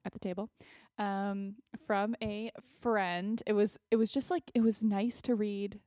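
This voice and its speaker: A woman's voice: medium pitch, fairly even intonation, a little slow, warm tone, no room sound, studio quality. A woman co-hosting a casual book club podcast, talking with gushing enthusiasm. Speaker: podcast co-host.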